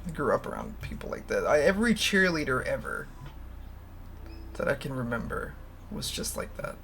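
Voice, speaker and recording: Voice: mid-range voice, wildly swooping pitch, normal speed, vocal fry, a bit bright, faint music behind. A livestream host chatting casually, rambling and candid, laughing often and swearing freely. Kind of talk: casual stream chat.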